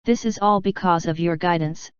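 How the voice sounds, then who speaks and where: A determined young male fighter speaks earnestly and humbly, as a woman reader acts him out in a lowered, smooth voice. The sound is close and dry, with slightly muffled highs. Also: normal speed, no room sound, close to an everyday voice.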